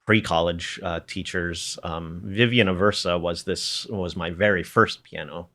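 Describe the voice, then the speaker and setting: A middle-aged man from the Philadelphia area, a piano educator, reminiscing as a podcast guest with many fillers and soft chuckles. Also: deep voice, steady tone, unhurried. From Philadelphia area, United States. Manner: rambling, many fillers, tags sentences with "there"; chuckles through his stories. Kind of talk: casual reminiscing conversation.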